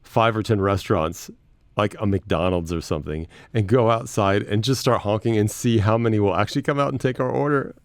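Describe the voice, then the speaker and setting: A male radio host telling stories in relaxed studio banter, with lively retellings of what happened. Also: on the low side, no echo. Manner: fast storytelling, animated retelling. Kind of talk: casual studio chat. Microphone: studio mic.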